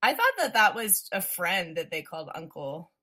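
Bright-voiced woman chatting casually. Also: fairly low pitch, normal speed. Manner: animated, acts out characters' lines in quotes. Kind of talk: casual chat about a film.

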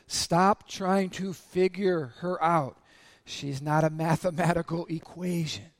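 Male pastor with a high voice and a slightly raspy throat, lively sermon full of crowd questions, dry close sound. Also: slow, dry recording. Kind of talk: sermon to a congregation.

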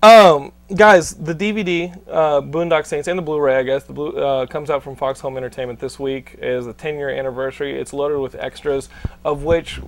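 A young man hosting a podcast, loud and swearing a lot as he talks over his guests. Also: a little high, steady tone, normal speed, creaky. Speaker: podcast host. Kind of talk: loud casual podcast banter.

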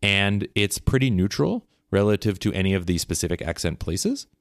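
A man's voice: on the low side, big pitch swings, moderate pace, no room sound, clean studio sound. A man with a Canadian accent, co-hosting a podcast, explaining things eagerly in a casual chat with many restarts. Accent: Canadian English. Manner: explanatory, enthusiastic, frequent restarts. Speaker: podcast co-host.

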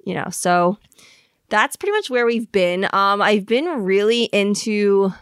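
A woman's voice: mid-range voice, lively intonation, measured pace, clear, resonant tone, no echo, studio quality. A woman co-hosting a podcast in casual chat, rambling with lots of ums and restarts. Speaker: podcast co-host.

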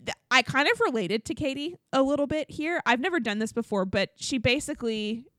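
A woman's voice: high voice, fairly quick, a bit bright, dry recording, studio quality. A woman co-hosting a podcast, chatting casually and filling her talk with likes and ums. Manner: chatty, lots of likes and ums, acts out quotes. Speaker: podcast co-host. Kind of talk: casual chat recapping reality TV.

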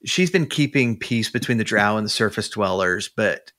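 A man's voice: fairly low pitch, animated, moderate pace, sharp tone. A man, a podcast guest, chatting casually and retelling a story, with many restarts and fillers. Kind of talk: casual chat.

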